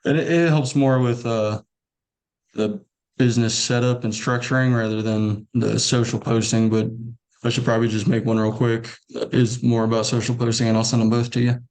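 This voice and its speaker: A man with a mild Southern US accent speaks quickly and politely, the drawl softened and in between. He sounds friendly and easygoing over a video call. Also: mid-range voice, flat delivery. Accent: mild Southern US, partly softened. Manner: talks fast, friendly and polite. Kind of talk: casual video call chat.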